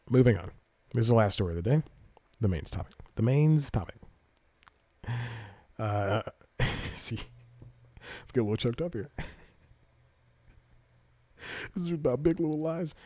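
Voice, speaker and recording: Low, dark-voiced man rambling on the news. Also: no room sound. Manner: rambling, self-correcting, reads news aloud with asides. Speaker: podcast host. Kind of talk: casual news commentary.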